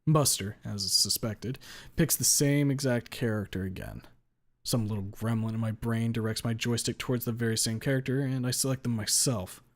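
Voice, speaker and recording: A man reading a first-person story aloud with a blunt, deadpan delivery and casual swearing. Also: mid-range voice, moderate pace. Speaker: story reader.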